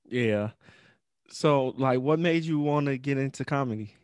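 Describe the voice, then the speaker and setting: A man hosting an interview, asking short, relaxed questions. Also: mid-range voice, a little slow, smooth, dry recording. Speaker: podcast host. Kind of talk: interviewing casually.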